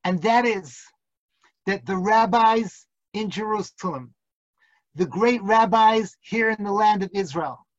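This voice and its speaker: Over a video call, a man with a high-pitched voice lectures as a rabbi, spinning a dramatic tale that builds suspense. He playfully hams up national accents for laughs, and the audio is dry, dull, and lo-fi.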